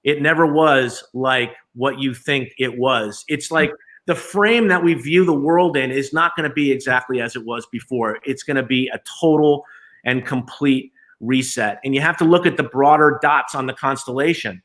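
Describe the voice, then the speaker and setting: A man's voice: medium pitch, normal speed, a bit bright. A man, an agency chief executive, talking in a live remote interview with lots of fillers and restarts. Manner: conversational, many fillers and restarts.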